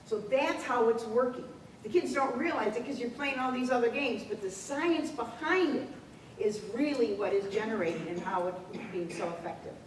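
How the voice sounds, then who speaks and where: A woman's voice: fairly high pitch, normal speed, a crowd in the background. Woman telling school stories in an echoey room. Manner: animated storytelling, acts out dialogue. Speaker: school administrator presenting a program. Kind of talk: workshop presentation with anecdotes. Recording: echoey room, distant mic, faint noise.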